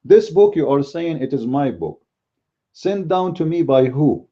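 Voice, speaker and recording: A man with a very deep, mellow voice whose first language is Arabic, arguing in a blunt and combative way. He delivers casual commentary on a dull, lo-fi recording. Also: animated, a little slow. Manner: blunt and combative, speaks bluntly by his own account. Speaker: Christian apologetics commentator.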